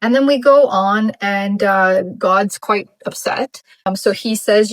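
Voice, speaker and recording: Speaking slowly at a medium pitch, a woman vlogger muses over her Bible reading in casual commentary, thinking aloud with lots of fillers and restarts. Her tone is thoughtful, and the recording is dry with poor audio quality.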